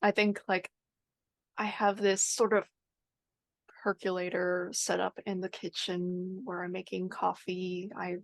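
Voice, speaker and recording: A woman's voice: lowish voice, completely flat delivery, unhurried, vocal fry, no room sound. A woman player describing her character's scenes at a tabletop game, rambling with frequent restarts. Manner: rambling, lots of fillers and restarts.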